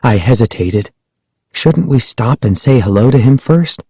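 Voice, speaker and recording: A man telling a spooky story in a slow, measured way, his voice at an everyday middle pitch. The recording is dry and close, with no room sound. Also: lively intonation, warm tone, slightly rough, no room sound, low-quality recording. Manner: measured, unhurried first-person telling. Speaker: audiobook narrator. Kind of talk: storybook narration.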